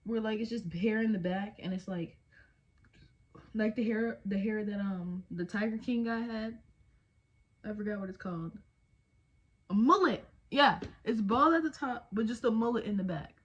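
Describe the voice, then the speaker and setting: Young woman, slangy and chatty, husky tone, dull lo-fi sound. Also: mid-range voice, normal speed. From Texas. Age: 20s. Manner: chatty, slangy, jokey, with trailing fillers. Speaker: beauty vlogger. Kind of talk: casual chat while doing makeup. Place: home, indoors.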